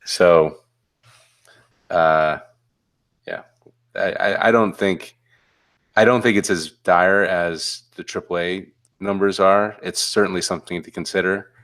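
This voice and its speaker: A man co-hosting a casual podcast chat, talking in a relaxed, rambling way with plenty of fillers. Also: sits low, unhurried, long pauses. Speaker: podcast co-host.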